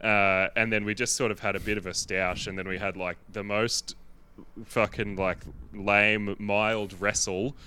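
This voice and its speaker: Young Australian man, low and bright voice, loose swearing storyteller on a podcast. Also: flat delivery, a little slow, clean tone. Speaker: podcast guest. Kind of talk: casual chat.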